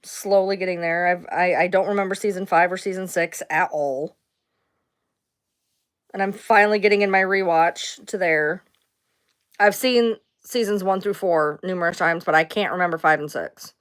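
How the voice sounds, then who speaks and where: Low-voiced woman chatting on a livestream. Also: steady tone, normal speed. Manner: rambling, answering chat comments, swears casually. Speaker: livestream host. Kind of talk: casual livestream chat.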